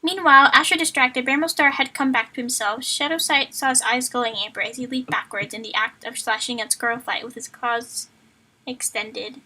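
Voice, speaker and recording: A woman reading a storybook aloud on a live stream with a high, bright voice. She stumbles over words and giggles through the read, keeping it casual. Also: fairly even intonation, normal speed, low-quality recording.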